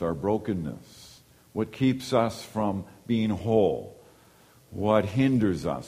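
A man preaching a sermon, moving between quiet, low asides and loud, emphatic lines. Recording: long hall reverb.

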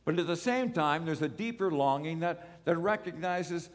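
A man's voice: fairly high pitch, normal speed, few pauses. A man preaching a sermon as pastor, earnest and repeating words for emphasis, his voice swelling and dropping. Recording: long echo of a large hall.

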